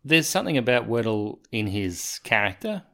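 A man's voice: fairly low pitch, big pitch swings, moderate pace, bright, forceful tone. A man co-hosting a casual sports podcast, enthusiastic and teasing, laughing often. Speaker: podcast co-host.

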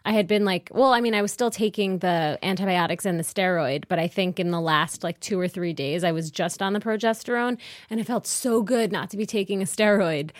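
A woman's voice: mid-range voice, fairly quick, no echo, clean studio sound. A woman in her twenties telling a personal story in an open, chatty way, often saying "like.". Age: 20s. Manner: open, chatty, uses filler "like". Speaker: podcast host as guest.

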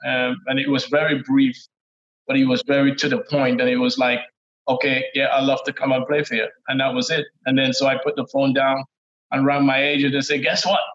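A middle-aged man with a Trinidadian accent, telling stories as a guest in a relaxed, laid-back way, often laughing. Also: medium pitch, a little fast. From Trinidad and Tobago. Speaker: guest, former footballer. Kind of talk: casual interview storytelling. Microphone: remote call audio. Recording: dull lo-fi call audio.

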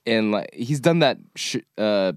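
A man's voice: fairly low pitch, lively intonation, unhurried, smooth, dry recording, clean studio sound. A man co-hosting a podcast, chatting loosely and laughing often, with casual swearing. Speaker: podcast co-host. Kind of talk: casual chat.

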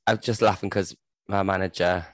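Young guy, low-ish voice, chatty and laughy, dry close mic. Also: fairly even intonation, normal speed, no echo. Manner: chatty storyteller, laughs often, swears casually. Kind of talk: casual chat.

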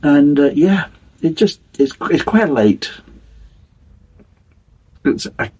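A man's voice: fairly high pitch, expressive, slow pace, a little mellow, husky, low-quality recording. A man giving a casual, rambling beer tasting review, hedging and restarting his sentences as he describes the flavours.

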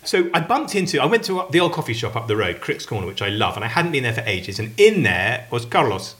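Brief: male podcast co-host, excitable and rambling, bright, fast delivery. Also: mid-range voice. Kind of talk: casual chat.

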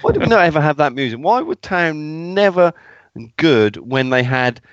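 A man co-hosting a casual football podcast, halting and repeating himself, with a slightly nasal voice. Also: fairly high pitch, big pitch swings, no echo. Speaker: podcast co-host. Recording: dull lo-fi audio, dry.

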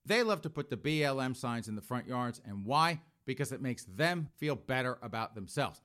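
A man's voice: medium pitch, sing-song, moderate pace, hardly any pauses, fairly bright tone. A man in his fifties giving sarcastic, opinionated news commentary, often addressing his audience as folks. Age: 50s. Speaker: political commentator.

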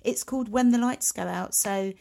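A woman's voice: medium pitch, normal speed, creaky, dark tone. A woman co-hosting a podcast in casual chat, rambling and self-mocking. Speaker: podcast co-host.

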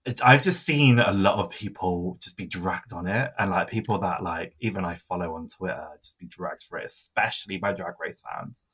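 A woman's voice: very deep voice, moderate pace, hardly any pauses, a bit bright, slightly rough. A woman co-hosting a podcast, telling stories in casual chat and swearing freely. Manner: storytelling, swears freely, laughs often. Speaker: podcast co-host.

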